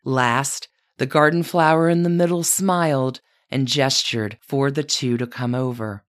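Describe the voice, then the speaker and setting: A woman narrating a scripted story in a measured way, speaking directly to her subject as "you". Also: a bass voice, fairly even intonation. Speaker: podcast narrator.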